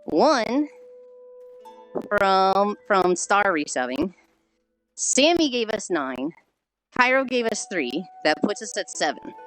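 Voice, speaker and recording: A woman streaming while she walks on a treadmill, sounding squeaky and chipmunk-like through a failing headset mic, sighing often and swearing casually as she greets viewers. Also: big pitch swings, slow, pauses often, a bit bright, soft background music, low-quality recording. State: walking on a treadmill while talking. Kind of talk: casual live-stream chat.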